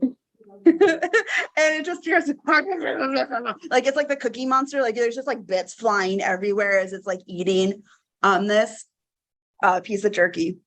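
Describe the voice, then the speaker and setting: A woman's voice: on the high side, a little slow. A young adult woman running a tabletop game as game master, giggly and swearing freely. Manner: giggly, expletive-laden, animated.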